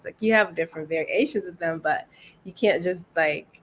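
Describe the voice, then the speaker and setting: A woman co-hosting a casual podcast chat over a video call, animated and laughing often as she acts out voices. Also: fairly low pitch, unhurried, a little hiss or hum. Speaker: podcast co-host.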